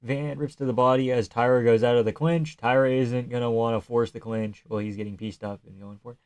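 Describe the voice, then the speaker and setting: A man's voice: mid-range voice, steady tone, a little fast, darkish tone, clean tone, dry recording. A man hosting a live stream, casually and profanely analyzing fights and answering chat questions.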